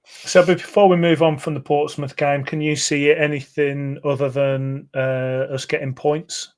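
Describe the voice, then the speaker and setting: A man's voice: on the high side, level tone, a little slow, darkish tone. A man in the Midlands co-hosting a football podcast, chatting casually and rambling with fillers and restarts. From English Midlands. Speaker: podcast co-host.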